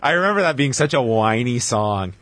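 A man in his thirties co-hosting a podcast, chatting in an animated, nostalgic way. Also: mid-range voice, a little fast, dry recording. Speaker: podcast co-host. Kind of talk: casual chat.

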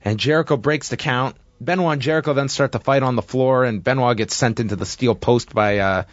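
A man casually recapping a wrestling match play by play, with steady narration and frequent fillers. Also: mid-range voice, a little fast, dry recording, muffled recording.

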